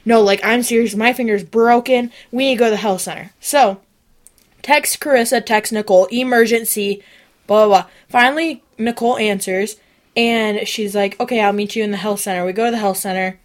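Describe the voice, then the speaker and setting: A young woman co-hosting a comedy podcast, telling a story in a casual, animated way and acting out the voices of the people in it. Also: on the high side, a little fast. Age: young adult. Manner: animated, acts out quoted voices. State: sick, sniffing and coughing. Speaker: podcast co-host.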